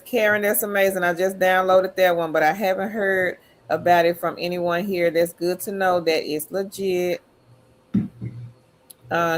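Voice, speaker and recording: A woman hosting a livestream, reading viewers' chat comments aloud in an upbeat, friendly way. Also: on the low side. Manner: upbeat, calls viewers queen. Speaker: livestream host.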